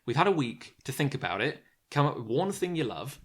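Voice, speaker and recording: A man chatting on a podcast, his pitch swinging up and down as he tells a long, rambling story. He pads it out with "uh" and "like" and keeps breaking into laughter. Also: very animated, brisk. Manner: rambling storyteller, laughs often, many fillers. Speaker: podcast host. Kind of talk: casual chat.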